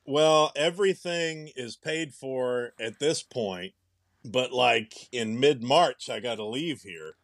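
A young male podcast co-host with a medium-pitched voice takes it slowly, musing and rambling aloud with frequent restarts. The casual chat comes through as a dry recording with clean studio sound.

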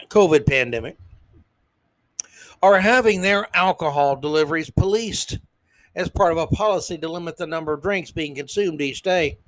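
Male podcast host, sarcastic ranting commentary, slightly high voice, dry close sound. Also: no room sound. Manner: sarcastic, emphatic, stumbles over words.

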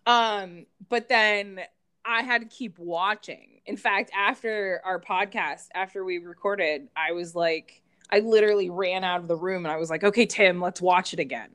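A woman's voice: mid-range voice, measured pace, a bit bright, smooth. A woman from the Pittsburgh area, co-hosting a podcast in casual chat and laughing often. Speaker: podcast co-host.

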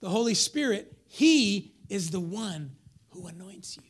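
A man preaching a sermon as pastor, swinging between loud emphatic lines and hushed whispers while acting out members of the congregation. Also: sits high, animated, a little slow.

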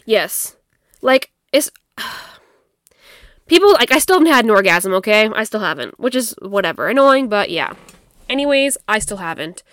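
Her mid-range voice swings widely in pitch, moves a little slowly, and has a fairly bright tone on a dry, studio-quality recording. She's a young woman hosting a frank, easygoing chat, tired and yawning, swearing, laughing, and sipping wine.

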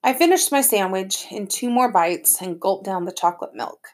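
A woman's voice: mid-range voice, expressive, normal speed, few pauses, a little mellow. A woman narrating an audiobook in plain first-person storytelling. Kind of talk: scripted narration.

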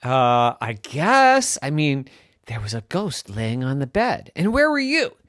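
A storyteller voicing a startled, curious young mother with high squealing questions and stammers. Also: huge pitch swings, unhurried, fairly bright tone, no room sound, studio quality. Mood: puzzled.

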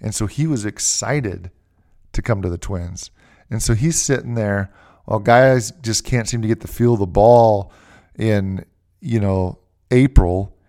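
A man's voice: fairly low pitch, measured pace, warm tone. A man hosting a podcast, talking casually and rambling at length, often restarting his sentences mid-phrase. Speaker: podcast host. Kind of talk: casual fantasy baseball podcast talk.

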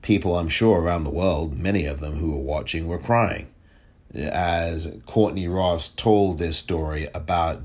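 Deep slow-talking male podcast host. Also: darkish tone. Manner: measured, rephrasing himself mid-sentence. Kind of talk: political commentary podcast.

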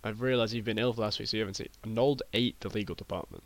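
A British man rattles through an improvised comic tale at a quick clip, piling up fillers and restarts in a deadpan tone. His voice sounds dry and close, with no room around it. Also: fairly low pitch, no room sound. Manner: rambling, filler-heavy, deadpan. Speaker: podcast co-host.

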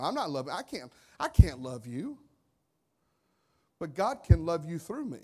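A male pastor preaching a sermon, swinging from soft asides to loud emphatic lines and repeating phrases for effect. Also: sits high, huge pitch swings, moderate pace. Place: church sanctuary.

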